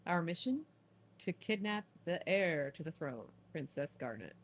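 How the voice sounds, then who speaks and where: A woman reading a game's dialogue aloud, playing a gruff male thief leader with a put-on Southern American accent and a lowered, hammy voice. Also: sing-song, a little slow, a little hiss or hum, exaggerated voice. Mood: bossy. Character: gruff middle-aged male leader of a thieves' band.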